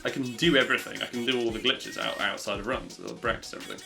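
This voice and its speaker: Guy streaming a speedrun, rambly, swears at his mistakes, loud music in the background. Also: mid-range voice, steady tone, quick pace, gravelly. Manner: rambling and self-mocking, swearing and reacting to chat. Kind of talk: casual live-stream chat. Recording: gameplay audio with loud music behind.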